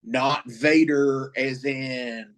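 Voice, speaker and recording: A man's voice: mid-range voice, fairly even intonation, drawn-out words. A man co-hosting a podcast, recapping a show in loose casual chat with lots of swearing and "you know" fillers. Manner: loose and profane, recapping plot with many fillers. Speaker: podcast co-host.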